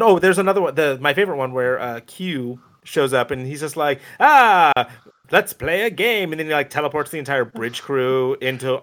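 A man with a mid-range, slightly bright voice co-hosts a podcast. In casual chat, he rambles through a retelling of a cartoon episode, leaning on plenty of fillers.

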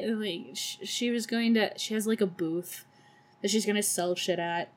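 A woman's voice: medium pitch, fairly even intonation, a little slow. A young woman hosting a podcast, recapping a film in a casual, sarcastic, profane way with laughing asides. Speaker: podcast host.

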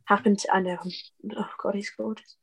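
A young woman in her twenties, middle-pitched, telling long casual stories. She rambles, often pausing on um and like. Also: level tone, fairly bright tone, slight background noise. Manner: rambling anecdotes with many ums. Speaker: podcast co-host. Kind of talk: casual chat.

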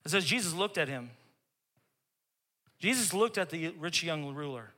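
A male pastor preaching an emphatic sermon, repeating key phrases and dropping to a hush for tender moments. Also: fairly high pitch, expressive, a little slow, long pauses, long reverb tail.

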